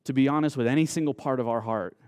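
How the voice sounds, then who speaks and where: A male pastor preaches in an earnest voice of middling pitch and leans into key words with slow, emphatic phrasing. The recording is dry and close, with no room echo. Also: a little mellow. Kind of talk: sermon.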